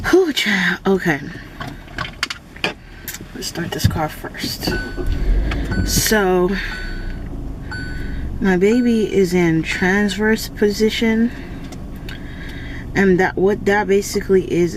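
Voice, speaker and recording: A woman's voice: fairly low pitch, a little hiss or hum, rough recording. A woman vlogging in a casual, chatty way, talking straight to her viewers. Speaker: lifestyle vlogger. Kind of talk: casual vlog chat to camera.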